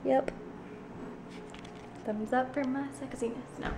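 Teen girl, casual home vlog, slow unhurried talk, handheld camera, faint background hum. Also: high voice, fairly even intonation. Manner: chatty, narrating what she does. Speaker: vlogger. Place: home kitchen, indoors.

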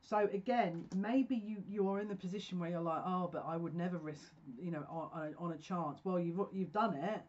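A woman's voice: fairly low pitch, moderate pace, hardly any pauses, darkish tone, dull audio, slight background noise. A woman giving a pick-a-card tarot reading, effusive and emotional, talking in bursts with restarts.

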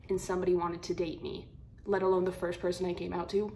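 A twenty-year-old woman vlogging, telling a story to camera in a blunt, slangy, animated way. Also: on the low side, fast talker. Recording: roomy echo, faint room hum.

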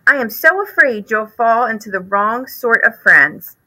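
A woman's voice: on the high side, expressive, a little slow, sharp tone, heavily acted, poor audio. A woman voicing a fussy, worried mother mouse who frets and pleads in a storybook read-aloud. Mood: anxious. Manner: anxious, pleading.

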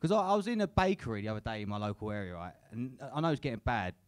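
A man's voice: medium pitch, very animated, racing, clear, resonant tone, no echo, studio quality. A young man doing a crude, sweary stand-up set at a comedy club, tagging lines with "innit". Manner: crude, swears a lot, tag questions like "innit".

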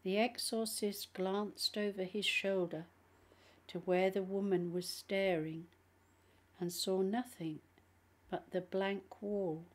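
A woman reading a nonfiction book aloud in a measured, careful way. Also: medium pitch, fairly even intonation. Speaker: audiobook reader. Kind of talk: audiobook narration.

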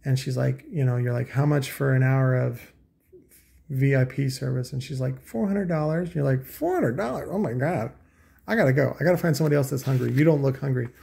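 Gravelly-voiced crude sarcastic man. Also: mid-range voice, fairly even intonation, fast talker, dark tone. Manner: crude, sarcastic, mocking, with scoffing asides. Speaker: vlogger reviewing audio magazine. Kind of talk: casual profane rambling commentary.

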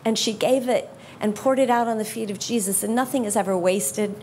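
A woman gives a heartfelt testimony to a congregation at a mid-range pitch. Her delivery is earnest and sincere. Faint room ambience hums behind her. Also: fairly quick, a little mellow, a little hiss or hum. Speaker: guest speaker. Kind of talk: personal testimony in church.

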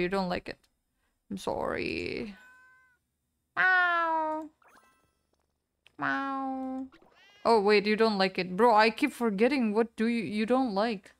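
A young woman streaming a game, chatting casually with her viewers, reading out chat and apologizing often. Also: mid-range voice. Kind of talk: casual live-stream chat while gaming.

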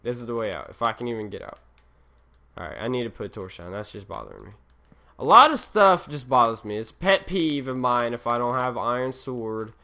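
A man's voice: mid-range voice, big pitch swings, brisk, sharp tone. A young man narrating his own game as he plays, in rambling, self-mocking commentary that drifts from one thing to the next. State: tired. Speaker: gaming channel host. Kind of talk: Let's Play commentary.

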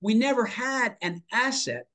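A man's voice: very high-pitched, sing-song, a little slow, fairly bright tone. A man on a panel, talking emphatically with rhetorical asides and growing enthusiasm. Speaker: panel guest, finance expert.

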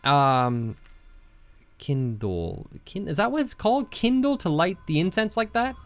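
A gaming channel host plays a horror game, jittery and cracking nervous jokes with plenty of swearing. His voice is a little high and sing-song, unhurried, and loud game music plays behind him.

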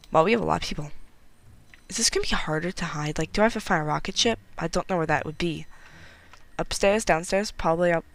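In a chatty, giggly let's-play, this player jokes at their own expense and gets nervous whenever danger approaches. Their mid-range voice has vocal fry and a fairly bright tone, captured in a low-quality recording.

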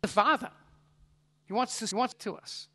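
Male pastor; high, bright voice; animated, funny storyteller in the pulpit. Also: moderate pace, breathy edge, dry recording. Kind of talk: sermon.

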